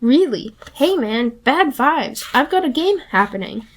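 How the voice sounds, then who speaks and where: A woman voicing a laid-back 1970s hippie boy with a drawling, mellow way of talking. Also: sits high, very animated, measured pace, heavily acted.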